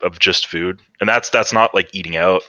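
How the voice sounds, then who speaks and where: A man's voice: deep voice, moderate pace, pushed and bright, no echo, dull audio. A young man from Canada, a podcast guest and former pro player, telling stories in casual chat full of fillers and swearing. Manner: rambling, heavy filler words, swearing.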